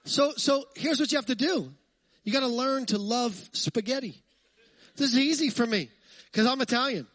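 A man pastor preaching a lively, conversational sermon, full of jokes and asides to the congregation. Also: extremely high pitch, normal speed, dry recording.

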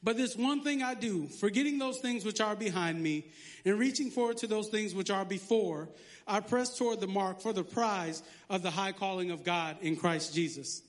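A man pastor preaching a lively sermon, joking and sarcastic between scripture readings. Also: high-pitched, moderate pace.

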